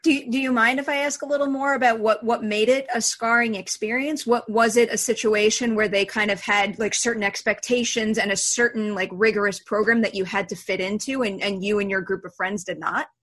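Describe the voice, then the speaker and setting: Higher-voiced American woman interviewer. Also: fairly even intonation, brisk, hardly any pauses. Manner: gentle, encouraging questions with fillers. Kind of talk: interview questions.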